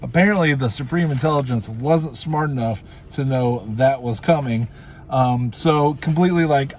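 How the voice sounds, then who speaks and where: A man's voice: mid-range voice, moderate pace, darkish tone, a little hiss or hum. Rambling man recapping an episode. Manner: rambling, goofy asides, many fillers. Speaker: show reviewer.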